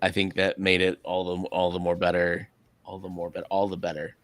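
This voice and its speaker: A man's voice: low voice, completely flat delivery, brisk, fairly bright tone, no echo. A man hosting a live stream, chatting casually with a co-host, hesitant and often chuckling. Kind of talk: casual chat.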